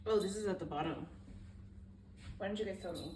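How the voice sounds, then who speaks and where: A young woman chatting casually at home in an unboxing vlog, excitable and chatty, swearing freely and dropping to near-whispers. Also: mid-range voice, fairly quick, slight background noise. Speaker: vlogger.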